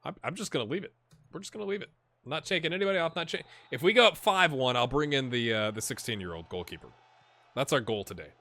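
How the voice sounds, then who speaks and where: A man hosting a gaming video, chatting and reacting excitedly as he plays a football management game. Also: medium pitch, quick pace. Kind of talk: live commentary while playing a football management game.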